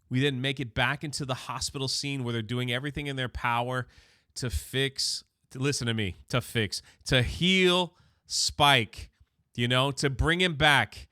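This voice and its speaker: A man hosting a comic book channel, recapping an issue in a chatty, excited way and often restarting his words. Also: mid-range voice, a little slow, dry recording, studio quality.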